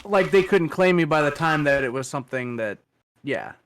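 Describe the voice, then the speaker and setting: Relaxed man in his thirties chatting. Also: on the high side, normal speed. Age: 30s. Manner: relaxed, rambling, full of "like" fillers. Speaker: podcast co-host. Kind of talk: casual chat.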